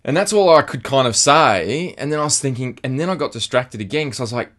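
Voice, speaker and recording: A man's voice: mid-range voice, animated, fast, a bit bright. A man, co-hosting a casual podcast, who tells stories with plenty of laughter and swearing. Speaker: podcast co-host. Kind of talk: casual chat.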